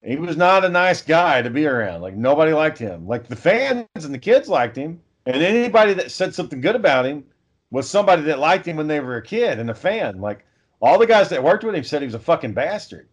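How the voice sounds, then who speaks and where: A man's voice: fairly high pitch, very animated, brisk. A man in casual podcast chat, telling a long story with plenty of swearing, fillers and restarts. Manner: rambling profane storytelling with many fillers.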